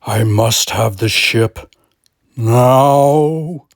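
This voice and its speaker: A man voicing a wrathful godlike alien entity, speaking slowly in a low, half-whispered voice. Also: no echo, studio quality. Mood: menacing.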